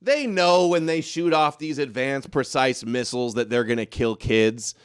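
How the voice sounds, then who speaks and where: Hosting an informal political livestream, a man speaks at normal speed in a smooth, mid-range voice, recorded dry with studio quality. His manner is sarcastic and derisive as he reads comments aloud and rants with indignation.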